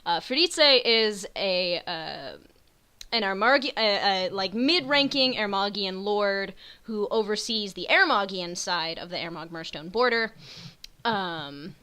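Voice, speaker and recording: A woman's voice: mid-range voice, expressive, a little slow, pushed and bright, clean tone. A woman, narrating a tabletop game as game master in a casual way, with lots of fillers. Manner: casual, laughing, filler-heavy.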